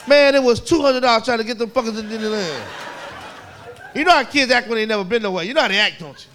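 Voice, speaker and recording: A man performing profane, animated stand-up comedy storytelling on a club stage, with a laughing audience behind him. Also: very high-pitched, fast talker, a little hiss or hum. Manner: profane, animated storytelling with shouted kid voices.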